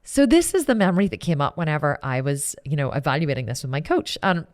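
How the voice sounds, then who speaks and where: Animated low-voiced woman telling a story. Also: fast. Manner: candid and animated, repeats phrases, swears casually. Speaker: podcast host. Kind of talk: personal storytelling monologue.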